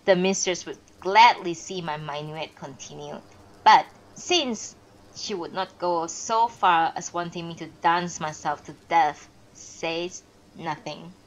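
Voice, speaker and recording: A woman reading a classic novel aloud on a live stream, expressive with pauses and small self-corrections. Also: fairly low pitch, rough recording. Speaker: narrator and streamer.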